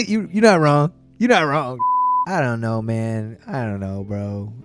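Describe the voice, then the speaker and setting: A man's voice: medium pitch, unhurried, smooth, soft background music. A man reacting to a review of his own album in casual chat, laughing often and mocking himself with loose slang.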